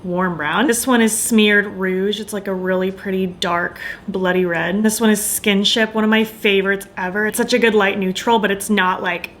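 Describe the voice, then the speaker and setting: A woman's voice: mid-range voice, fairly even intonation, moderate pace, few pauses, a bit bright, slight background noise. A young adult woman chatting in a casual beauty vlog, bubbly and enthusiastic, her voice a bit tired from hours of filming. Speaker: beauty vlogger.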